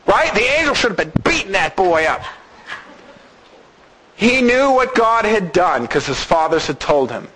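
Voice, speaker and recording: Animated high-voiced male preacher. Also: measured pace, long pauses, a little hiss or hum, poor audio. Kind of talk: sermon.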